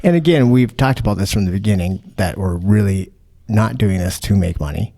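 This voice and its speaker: A man's voice: lowish voice, animated, a little fast, creaky, dark tone, no echo, studio quality. A man hosting a podcast in casual chat. He rambles, swears freely and restarts his sentences. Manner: rambling, profane, many restarts. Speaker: podcast host.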